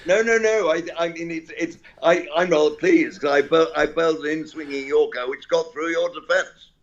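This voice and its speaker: A man's voice: fairly high pitch, normal speed. An older man with an English accent, a cricket commentator telling rambling, chuckling anecdotes as an interview guest. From England. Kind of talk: anecdotal storytelling. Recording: dull lo-fi audio.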